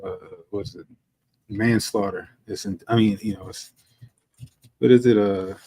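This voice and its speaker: A man with a fairly low voice chats casually on a livestream, cracking jokes and chuckling as he goes. The sound is close and dry. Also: steady tone, unhurried, warm tone, breathy edge, dry recording, rough recording.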